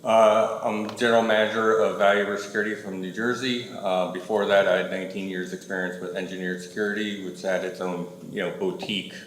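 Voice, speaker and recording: A man's voice: sits low, little pitch movement, brisk, few pauses. A man introducing himself as a panelist in a plain, matter-of-fact way. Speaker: panelist, general manager. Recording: echoey conference hall, faint noise.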